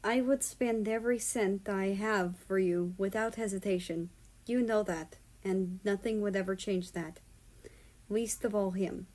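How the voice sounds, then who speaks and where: Woman playing a gentle, protective older father in a storybook reading, reassuring and soft-spoken; slow. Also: on the high side, animated. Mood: tender.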